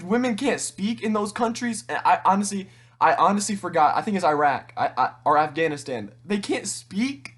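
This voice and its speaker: A teenage man in an emotional monologue to camera, tearful and halting, rambling with frequent restarts and swearing. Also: high voice. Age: teens. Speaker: vlogger.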